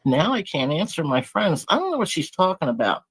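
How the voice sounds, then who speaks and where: A woman's voice: low voice, sing-song, a little fast, breathy edge. A woman in a live group chat, talking indignantly and defending herself against someone she accuses. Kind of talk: casual heated chat.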